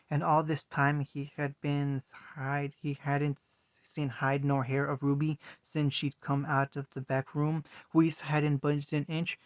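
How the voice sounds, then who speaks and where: A man reading fan fiction aloud, halting with frequent restarts, in a muffled lo-fi recording. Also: on the high side, no echo. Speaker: reader.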